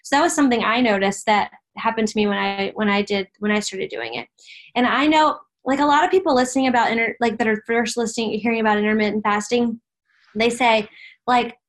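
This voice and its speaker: A woman's voice: a little high, fairly quick. A woman in casual conversation, reflectively sharing her own experience. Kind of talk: casual chat.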